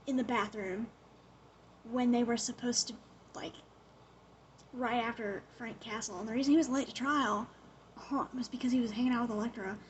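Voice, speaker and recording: A young woman in casual chat, recapping a TV show in an animated way, with lots of "like" and acted-out quotes. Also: a little high, normal speed, pauses often, slight background noise. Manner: chatty, animated retelling full of "like" and acted-out quotes.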